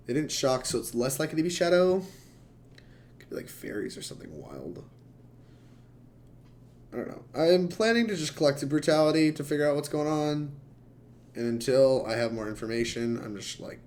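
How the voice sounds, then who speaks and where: A man's voice: mid-range voice, a little mellow, a little hiss or hum. A young man streaming a card game, chatting and rambling to his chat in a casual, laughing way. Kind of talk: casual gameplay commentary to chat.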